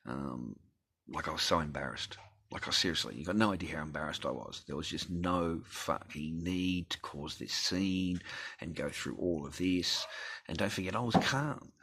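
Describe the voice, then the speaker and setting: A man's voice: rumbling low, moderate pace, fairly bright tone, breathy edge. An Australian man telling a personal story in a blunt, rambling rant full of swearing. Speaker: vlogger.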